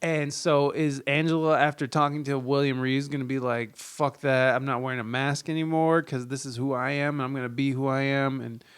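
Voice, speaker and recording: Smooth-voiced, animated podcast guy. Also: medium pitch, a little fast, few pauses. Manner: animated, swears freely, laughs often. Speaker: podcast co-host. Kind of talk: casual podcast chat.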